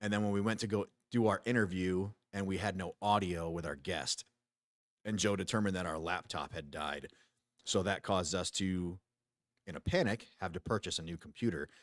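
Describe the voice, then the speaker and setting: A man's voice: low-pitched, normal speed, dry recording, clean studio sound. A retired Army veteran man in his forties hosting a casual talk show, blunt and profane, often restarting his sentences. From United States. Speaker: podcast host. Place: small home studio.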